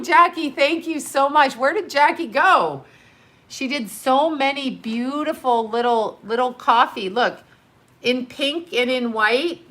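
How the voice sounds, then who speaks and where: Gushing, breathless woman with a bright voice. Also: fairly high pitch. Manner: gushing, excitable, laughs often. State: heavy breathing. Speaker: live stream host. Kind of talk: casual live-stream chat.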